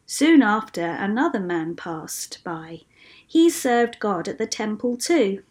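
A woman voicing Jesus as a calm, kindly male teacher in a read-aloud storybook, speaking gently and patiently. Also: mid-range voice, slow pace.

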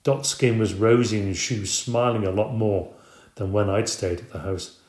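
A man narrating a children's story in an expressive, conversational audiobook reading. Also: lowish voice, normal speed. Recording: roomy echo.

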